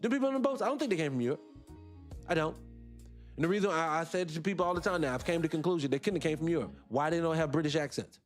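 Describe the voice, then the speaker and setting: A man hosting a radio talk show, arguing his points in an animated, rhetorical way and repeating himself for emphasis. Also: a little high, very fast, soft background music. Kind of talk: opinionated solo radio talk.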